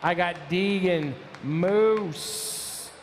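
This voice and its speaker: Calling a live BMX race, this high-voiced man fires off riders' names, numbers and nicknames in quick succession as they take the track. A faint crowd and slight background noise can be heard.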